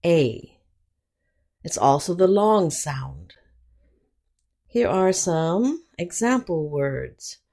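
A woman teaching an English phonics lesson, saying each example word slowly and clearly. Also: fairly low pitch, a little mellow. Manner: drawn-out, clearly enunciated example words.

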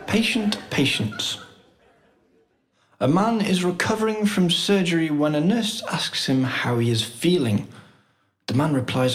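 A man reading jokes and short stories slowly and clearly for learners. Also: fairly high pitch. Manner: careful, deliberate. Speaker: storyteller.

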